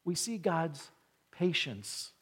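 A man's voice: a little high, big pitch swings, slow, fairly bright tone, breathy edge. A middle-aged father giving an earnest devotional talk, telling stories and acting out quoted dialogue. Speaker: Christian parenting teacher. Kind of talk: devotional teaching.

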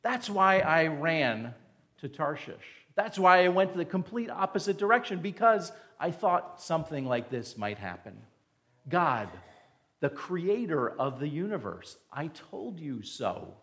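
An indignant prophet in a sermon retelling, bitter and accusing as a man acts him out. His voice rides high and complains slowly, pressing one rhetorical question after another at God. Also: sing-song, a bit bright, exaggerated voice.

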